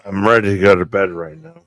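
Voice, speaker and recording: A man's voice: low voice, steady tone, moderate pace, fairly bright tone, dry recording. A man chatting casually in a clip, making crude teasing jokes.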